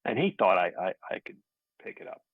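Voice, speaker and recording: Gravelly, husky man from New York, guest actor telling stories, thin phone-line sound. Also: low-pitched, very animated, brisk, no echo. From Staten Island, New York. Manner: rambling, self-deprecating storyteller. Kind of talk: casual interview conversation. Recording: tinny phone-like dry audio.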